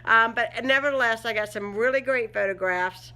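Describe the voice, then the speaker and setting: A woman's voice: on the high side, normal speed, pushed and bright. A woman chatting casually in a home vlog, rambling with many fillers and frequent laughs. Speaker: vlogger. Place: at home indoors.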